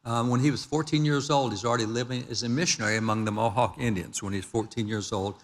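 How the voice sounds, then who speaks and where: A man's voice: medium pitch, steady tone, fast. An older man giving an emphatic lecture-style speech at a gala, walking through slides and reading quotes aloud. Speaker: historical speaker at a gala. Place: large event hall. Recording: hall reverb from event PA.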